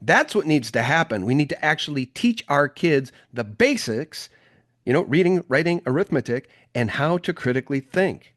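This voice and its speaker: A man's voice: fairly high pitch, expressive, normal speed, a bit bright, no room sound. Emphatic male interview host, dry sound. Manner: emphatic, indignant. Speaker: podcast host. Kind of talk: conversational interview.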